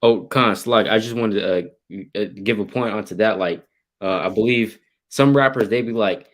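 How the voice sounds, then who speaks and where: A man's voice: fairly low pitch, moderate pace. A man joining a scripture discussion, answering with casual agreement and adding his own points. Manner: casual, affirming interjections. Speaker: co-teacher.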